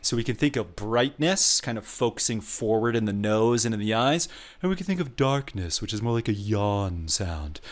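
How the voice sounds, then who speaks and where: A man's voice: fairly low pitch, lively intonation, moderate pace, few pauses. A man co-hosting a casual podcast, patiently explaining vocal technique and demonstrating. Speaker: co-host giving a voice lesson.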